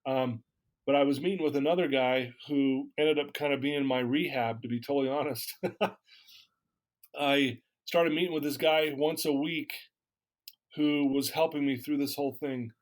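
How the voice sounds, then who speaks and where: A man's voice: medium pitch, steady tone, measured pace. Candid man retelling a personal story. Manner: candid, acts out quoted dialogue. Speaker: interview guest.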